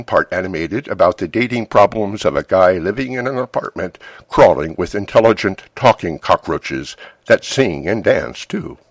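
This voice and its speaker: Deep-voiced man reading a memoir. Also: no echo. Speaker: memoir narrator. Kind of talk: first-person memoir narration.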